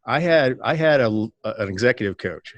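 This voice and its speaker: Man, podcast host, measured questions, dry close recording. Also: medium pitch, expressive, fairly bright tone, dry recording, muffled recording. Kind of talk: podcast interview.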